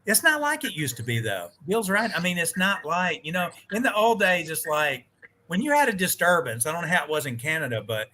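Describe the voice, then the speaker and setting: Bright-voiced man telling stories. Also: a little high, a little fast, slight background noise. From United States. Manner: animated storytelling, acts out quoted dialogue, mild swearing. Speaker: stream guest. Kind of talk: casual chat.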